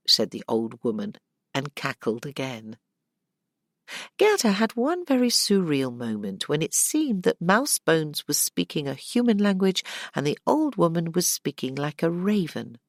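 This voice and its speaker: A woman narrating a dark fantasy audiobook, expressive and doing voices for the characters. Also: very deep voice, a little slow, no echo, clean studio sound. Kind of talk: scripted narration.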